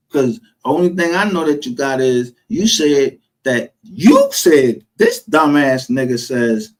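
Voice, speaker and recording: A man's voice: mid-range voice, measured pace, hardly any pauses, rough recording. A man with a Texas accent telling stories in casual chat, full of street slang and profanity, acting out what others said. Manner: animated storytelling, profane street slang, acts out quotes.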